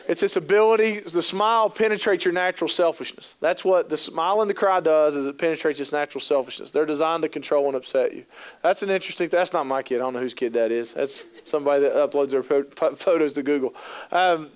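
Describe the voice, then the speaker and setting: He talks fast, with a slightly high, clear and resonant voice: a man in his thirties giving a comic keynote on youth work to a conference hall crowd. Stories, impersonated quotes, and frequent fillers fill his jokey delivery.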